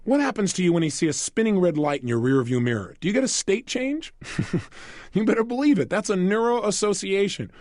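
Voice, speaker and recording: Animated man giving a self-help talk. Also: high voice, brisk, no room sound, studio quality. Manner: animated, asks listeners questions and acts out quoted voices. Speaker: motivational speaker.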